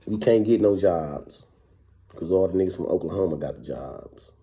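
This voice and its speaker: A man's voice: deep voice, animated, moderate pace, warm tone. A man from Wisconsin, a former prisoner, telling his story in casual, profane street talk and keeps asking "you know what I'm saying".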